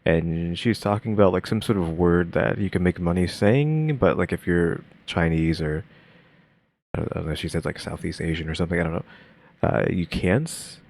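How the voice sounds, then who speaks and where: A man's voice: low-pitched, moderate pace, darkish tone. A man streaming a reaction video, talking casually and rambling with lots of fillers and restarts. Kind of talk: casual commentary.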